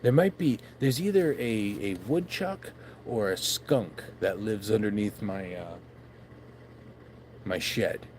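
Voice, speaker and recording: A man's voice: fairly low pitch, takes it slowly, darkish tone, a little hiss or hum. Rambling man vlogging outdoors at night. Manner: meandering, swears often, laughs at himself. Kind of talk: late-night casual rambling. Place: outdoors at night by his backyard shed.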